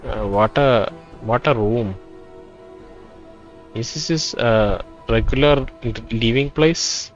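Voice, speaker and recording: A man talks his way through a role-playing game, reading item and scene text aloud and wondering about it as he goes. His pitch sits in the middle range. The mic is a bit dull and lo-fi, with faint game music behind him. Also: slow pace, pauses often. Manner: thinking aloud, reads dialogue in quoted turns. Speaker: let's play gamer.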